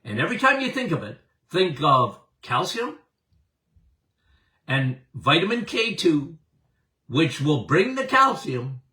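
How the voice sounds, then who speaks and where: An older man hosting a health podcast, talking emphatically and excitedly to listeners, laughing often. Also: fairly high pitch, echoey room, far from the mic. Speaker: podcast host and health doctor. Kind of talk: animated health talk to listeners.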